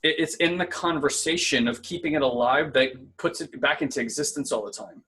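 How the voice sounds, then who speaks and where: A man's voice: on the high side, fairly quick, a bit bright. A man co-hosting a casual spiritual self-help talk, earnest and conversational, often checking in with "right?". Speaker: podcast co-host.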